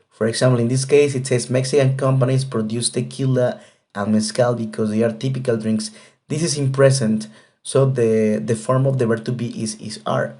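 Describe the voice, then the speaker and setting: Patient, mellow-voiced male English teacher. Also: mid-range voice. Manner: patient, repetitive explanation with frequent fillers. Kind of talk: grammar lesson explanation.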